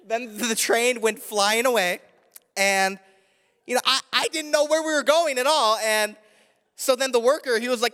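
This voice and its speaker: A young man preaching a sermon in a chatty, animated storytelling manner, often laughing as he speaks. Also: sits high, fairly quick, clean tone, long reverb tail. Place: church sanctuary.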